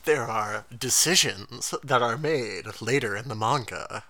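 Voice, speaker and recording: A man co-hosting a casual podcast, recapping an anime episode in an animated way, laughing often and quoting characters in quick asides. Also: mid-range voice, dry recording. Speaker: podcast co-host.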